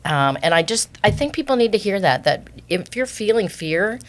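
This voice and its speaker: A woman's voice: medium pitch, very animated, moderate pace. A woman hosting an interview, talking in an earnest, reflective way. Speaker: podcast host. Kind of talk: interview conversation.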